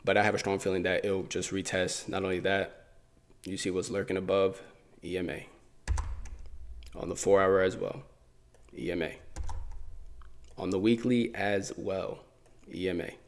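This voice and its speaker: A man's voice: low voice, fairly even intonation, moderate pace, long pauses. A man hosting a forex trading video, talking casually through his chart analysis, thinking aloud and repeating himself as he goes.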